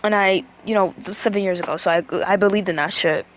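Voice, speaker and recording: A woman's voice: mid-range voice, fairly even intonation, fast, background noise. A woman chatting casually on a stream, rambling with lots of fillers and swearing freely.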